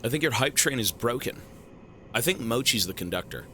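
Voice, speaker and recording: A male streamer thanking donors and joking with his live chat in a profane, animated way. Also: medium pitch, fairly quick, slight background noise.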